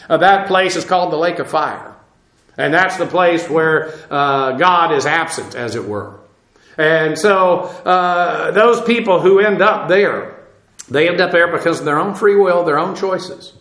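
A man's voice: on the high side, fairly bright tone. Man teaching scripture in an echoey room. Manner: measured, explanatory, frequent "uh" fillers. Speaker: Bible teacher. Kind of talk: sermon.

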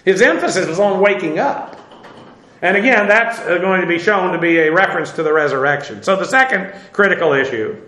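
A man's voice: high voice, fairly quick, sharp tone, echoey room, rough recording. A man teaching a verse-by-verse Bible lesson in a conversational way, with many fillers and wry asides.

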